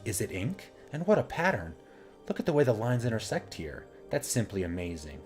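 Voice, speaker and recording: A man voicing a sweet, timid young woman who talks gently and apologetically while reading game dialogue. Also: on the low side, big pitch swings, fairly quick, faint music behind. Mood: curious.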